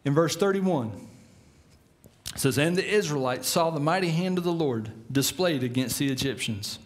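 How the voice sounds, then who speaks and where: Pastor guy preaching, middle-aged, kinda high voice, acts out the story voices. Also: expressive, normal speed. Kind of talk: sermon.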